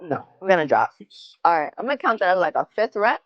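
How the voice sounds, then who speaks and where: A woman's voice: lowish voice, big pitch swings, fast, no echo, muffled recording. A young adult woman from Massachusetts with a Massachusetts accent, livestreaming a gym workout, counting reps aloud and chatting casually with viewers. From Massachusetts, USA. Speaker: fitness livestreamer. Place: gym, indoors.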